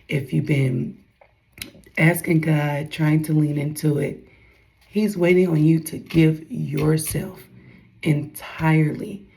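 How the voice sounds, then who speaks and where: A young faith vlogger gives a casual devotional talk to her followers in a low, creaky, warm voice, though the audio is poor. She's chatty, calls out to her viewers, and acts out other people's voices when retelling conversations.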